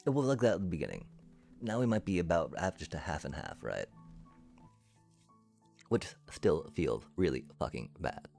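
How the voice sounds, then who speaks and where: A man's voice: low-pitched, very animated, moderate pace, gravelly, long pauses, darkish tone. A male streamer ranting to his chat, angry and profane, swearing through his frustration. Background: faint music.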